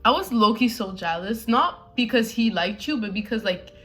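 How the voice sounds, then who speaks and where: Young woman, high voice, very lively pitch, profane casual chat, music underneath. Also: normal speed. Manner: profane, lively, laughing retellings. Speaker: childhood best friend.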